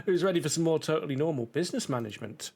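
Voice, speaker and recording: A man's voice: on the high side, lively intonation, fast, darkish tone, breathy edge. A man chatting casually to his live-stream audience while playing a game, rambling and swearing a little, stuffy from a cold.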